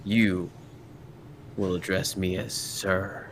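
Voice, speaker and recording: A man voicing a tall, domineering, half-drunk male official who talks in slow, leaning-in, menacing half-whispers. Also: low-pitched, little pitch movement, a little hiss or hum. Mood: smug.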